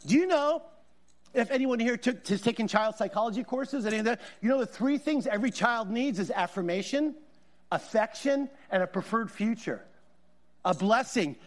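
A middle-aged man preaching as a guest pastor, his voice set unusually high. He talks in a loose, conversational way, telling stories and stacking up repeated phrases for emphasis. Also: animated, normal speed. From Southern California. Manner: conversational, storytelling, emphatic repetition. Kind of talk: sermon.

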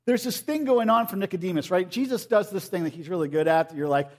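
A man with a high voice preaching a relaxed, chatty sermon. He talks to the congregation like friends and often slips into playful impressions of the people he quotes. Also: fast. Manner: casual and conversational, often acting out quoted voices. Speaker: pastor.

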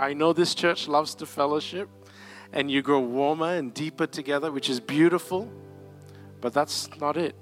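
A man's voice: fairly high pitch, moderate pace, fairly bright tone, soft background music. A man preaching a conference sermon in a church, conversational, with asides and light laughs. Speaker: pastor.

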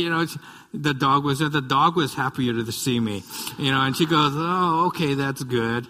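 A man's voice: mid-range voice, moderate pace, bright, forceful tone. Man preaching in a reverberant hall. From United States. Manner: conversational storytelling with frequent asides. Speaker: pastor. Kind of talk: sermon.

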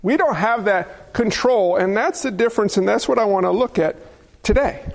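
A pastor with a notably high, gravelly voice delivers a sermon at normal speed. He preaches playfully, throwing in jokey asides and rhetorical questions for the congregation.

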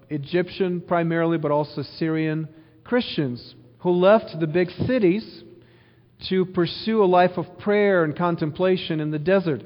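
Man preaching a sermon in a reverberant hall. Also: fairly high pitch. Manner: earnest preaching with repetition and rhetorical questions. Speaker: pastor. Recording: dull sound with long hall reverb.

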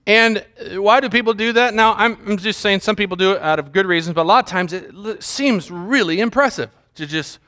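A man's voice: high voice, bright, forceful tone. A man preaching a sermon as pastor, joking and mimicking how people pray.

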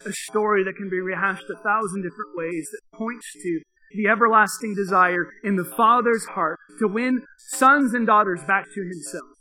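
A male pastor delivers a sermon with a high, sharp-edged voice. He tells stories in a lively way and acts out the lines of the people he quotes. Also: normal speed, low-quality recording. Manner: animated storytelling with acted quotes.

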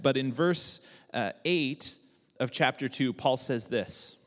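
A man preaching a sermon as pastor, relaxed and joking, with many fillers and restarts. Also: medium pitch, long reverb tail.

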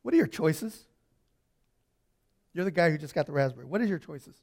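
A man preaches a sermon in a slightly high, brisk voice, telling personal stories and acting them out with lively voices. He swings between soft asides and shouts.

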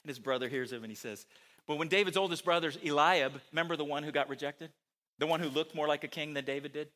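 A man preaches a lively sermon and keeps asking his listeners rhetorical questions. His voice is bright and forward. It sits a little higher than most men's voices. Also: fast.

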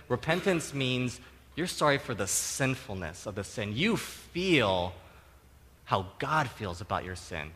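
A middle-aged man delivers a sermon in a bright, forward voice that ranges widely in pitch. He keeps things conversational with frequent tag questions and breaks into loud, animated acted-out quotes. The sound carries a long hall reverb from a church sanctuary. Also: moderate pace. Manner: animated, acts out quotes with sudden loud outbursts. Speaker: pastor.

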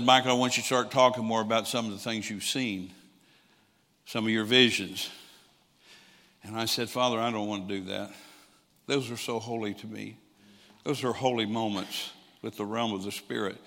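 Older man preaching in a reverberant hall. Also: fairly low pitch. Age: 60s. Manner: animated storyteller who acts out quoted people and chuckles often. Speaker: traveling preacher. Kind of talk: storytelling sermon.

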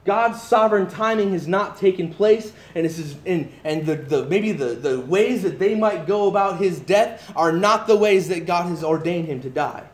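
A man teaching verse by verse from the Bible as a pastor, emphatic and animated, with frequent restarts and asides. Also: sits high, normal speed, few pauses, reverberant.

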